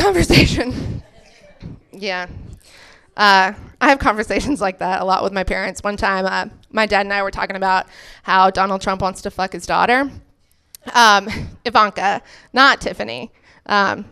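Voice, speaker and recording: A woman's voice: on the high side, sharp tone, clean tone. Chatty self-mocking young woman comic. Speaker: stand-up comedian. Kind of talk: stand-up comedy set.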